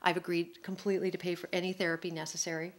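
A woman's voice: on the low side, little pitch movement. Woman telling a candid personal story. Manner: emotional, candid, quick-flowing storytelling. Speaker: author speaking at a public forum.

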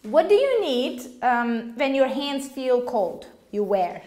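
Patient, slow-spoken woman teacher with a lively voice. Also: high voice. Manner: slow, patient, asks questions and repeats words. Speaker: English teacher. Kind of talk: classroom language lesson. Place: classroom with students. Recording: echoey room with faint noise.

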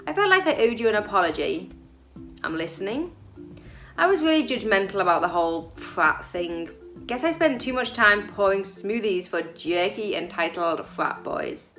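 A woman voicing an apologetic young man who sells smoothies, in a story game, speaking sheepishly. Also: medium pitch, animated, moderate pace, a bit bright, soft background music.

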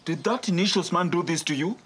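An actor playing an earnest, concerned friend in a TV drama. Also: male voice, sits high, fast, fairly bright tone, slight background noise. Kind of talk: TV drama acting.

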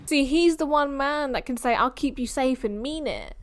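A woman's voice: sits high, normal speed, dry recording, clean studio sound. A young British woman giving playful, teasing commentary while reacting to a film. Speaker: movie reaction host.

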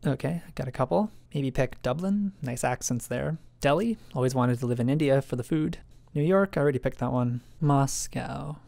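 Musing man with a gravelly, dry voice. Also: mid-range voice, darkish tone, no echo. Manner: musing, self-questioning, thinking aloud. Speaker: video essay narrator. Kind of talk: reflective scripted narration.

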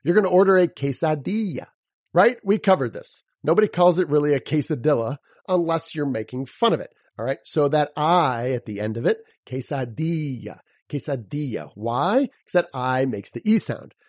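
A man hosts a solo podcast lesson with a fairly high voice that swings widely in pitch. His tone is slightly husky and the recording sounds dry and close. He talks like a teacher, spelling words out letter by letter and tossing rhetorical questions at his listeners. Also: moderate pace, dry recording. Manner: lively, teacherly. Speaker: podcast host and sales coach.

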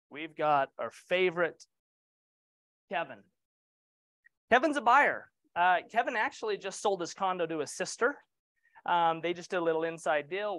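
A man's voice: high-pitched, fairly bright tone, no room sound. Casual man coaching a room. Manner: casual, joking, asks the room questions. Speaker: real estate trainer. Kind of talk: training session talk.

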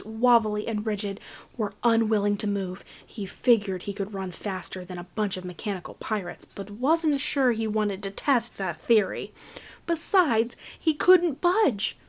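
A woman narrates a thriller novel for an audiobook at an unhurried pace. Her delivery is hushed and even, and her pitch sits in the middle. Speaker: audiobook reader.

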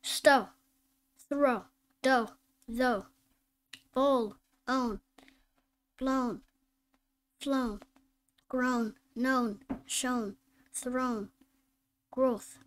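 A woman's voice: on the high side, steady tone. A woman teaching a phonics reading lesson, reading word lists and simple sentences one at a time, sometimes correcting herself. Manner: reads each word slowly and distinctly, self-corrects.

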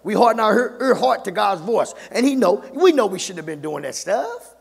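A man preaching a sermon as pastor in a church, fervent and repetitive, often calling out "my God" and building to shouts. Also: high voice, sing-song, moderate pace, creaky, breathy edge. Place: church sanctuary. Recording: echoey church hall with long reverb.

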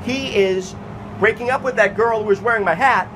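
Agitated, profane man, high voice. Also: moderate pace, noisy background. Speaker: homeless activist telling his story. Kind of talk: recounting events to an official.

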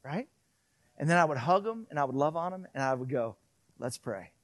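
A middle-aged man preaching a sermon, animated, swinging from loud to hushed and acting out quotes. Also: fairly high pitch, quick pace. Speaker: pastor.

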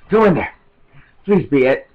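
A man chatting through gameplay in a casual, rambling way, often stumbling over repeated words. His voice sits in a middle pitch and swings into excited outbursts. The recording is dull and lo-fi, like a home setup. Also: takes it slowly. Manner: excitable, rambling self-talk with frequent stammered restarts. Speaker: let's play commentator.

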